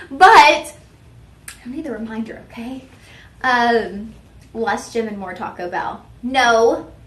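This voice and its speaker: A woman's voice: a little high, fairly bright tone, reverberant, a little hiss or hum. A young woman hosting a live shopping show, chatting with viewers and teasing herself. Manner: chatty and self-teasing, talks straight to viewers. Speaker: shopping channel host.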